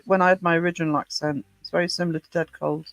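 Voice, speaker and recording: A woman from Northumberland with a soft Northumbrian English accent, chatting casually as a podcast co-host, blunt and quick to swear. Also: on the low side, level tone, no echo, rough recording. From Northumberland, England. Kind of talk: casual chat.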